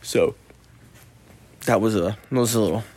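A man's voice: on the low side, normal speed, a little mellow. A young man, a youth soccer coach, chatting casually into a mic, rambling, swearing freely and acting out what people said. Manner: loose and rambling, swears a lot, acts out quotes. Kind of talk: casual solo chat on a mic. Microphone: talking into a mic.

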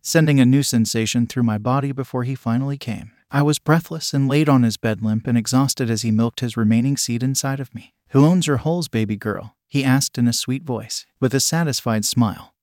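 A man narrating a first-person adult story in a steady, intimate reading. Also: mid-range voice, brisk, few pauses, dry recording, studio quality.

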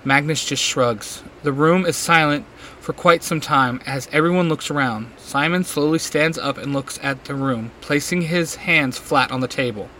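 A man reading a fan fiction story aloud in a plain, steady way with small slips. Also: fairly high pitch, normal speed, a little hiss or hum. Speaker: reader.

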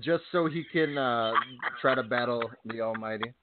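A man's voice: medium pitch, normal speed, very noisy. A man co-hosting a podcast, bantering in a joking, irreverent way with some swearing. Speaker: podcast co-host. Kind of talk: casual chat. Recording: tinny phone-like dry sound.

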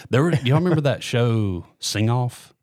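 A man hosting a casual podcast chat, chatty and quick to laugh. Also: medium pitch, animated, darkish tone, no room sound, studio quality. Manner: chatty, laughs often, restarts sentences. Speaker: podcast host.

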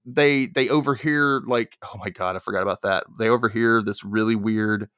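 A man's voice: on the low side, normal speed, clear, resonant tone, no echo, studio quality. A man in casual chat, retelling a movie's plot and acting out the characters' lines. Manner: animated storyteller, acts out characters' lines.

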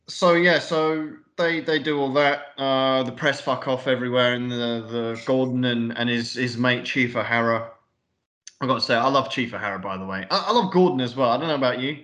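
A man's voice: mid-range voice, normal speed, a bit bright. A young man co-hosting a podcast, rambling casually and swearing while recapping a film. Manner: rambling, sweary, lots of fillers. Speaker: podcast co-host. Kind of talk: casual film review chat.

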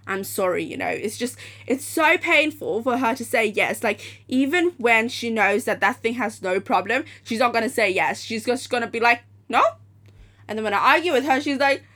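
A woman in her late teens hosting a solo podcast, telling stories in an animated, profane rant. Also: a little high, moderate pace, few pauses. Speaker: podcast host.

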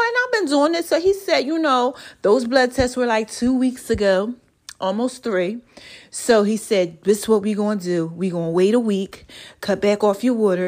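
A woman with a mid-range voice hosts her own podcast, chatting warmly and casually with her listeners. She testifies about her life and addresses them as "y'all" and "child."

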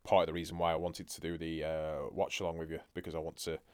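A man with a very low voice talks through a wrestling match for a podcast in relaxed, unscripted chat. He swears casually and chuckles now and then as he narrates what happens. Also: quick pace, clean tone. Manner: laid-back, swears casually, chuckles often. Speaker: podcast co-host.

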